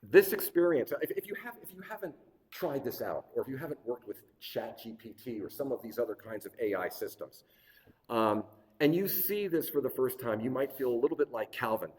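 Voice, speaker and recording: A middle-aged man giving a relaxed, digressive workshop talk with frequent fillers and restarts. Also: mid-range voice, a little fast, breathy edge. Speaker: workshop presenter. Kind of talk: conversational lecture. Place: lecture hall. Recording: reverberant hall.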